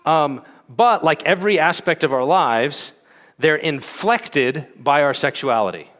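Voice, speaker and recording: A man's voice: a little high, lively intonation, a little slow, fairly bright tone. A man giving a conference teaching talk in a conversational way, with frequent fillers and "okay?" check-ins to the audience. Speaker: conference speaker. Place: conference hall. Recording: long hall reverb.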